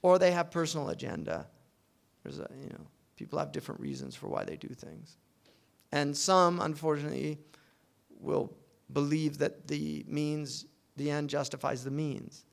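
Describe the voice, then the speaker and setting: Man, logic teacher, classroom lecture, gravelly voice, loose explanations full of fillers. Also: on the high side, animated. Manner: explains loosely with fillers and restarts, mixing in quick Arabic recitation.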